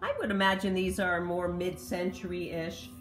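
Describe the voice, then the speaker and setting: A woman's voice: lowish voice, level tone, moderate pace. Woman reseller, casual vlog host, chatty show-and-tell, roomy echo, faint music behind. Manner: chatty, detail-focused, explains pottery history. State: slight cough. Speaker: thrift reseller showing finds.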